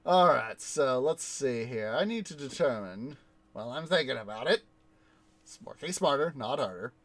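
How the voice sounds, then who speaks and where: Man, game streamer, casual rambling chat, lots of fillers, lively pitch swings. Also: normal speed. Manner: rambling, with many fillers and restarts. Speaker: gaming streamer. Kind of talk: casual let's-play chat and storytelling.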